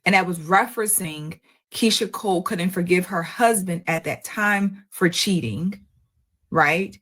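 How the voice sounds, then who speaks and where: Husky woman lecturing viewers. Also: lowish voice, measured pace, a bit bright. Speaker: relationship commentator. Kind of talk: responding to comments.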